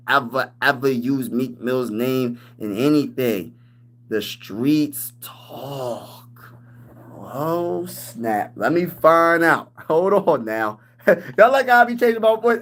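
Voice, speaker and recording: A man hosting a casual sports livestream, hyped and animated as he reads and answers chat with fan trash talk. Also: mid-range voice.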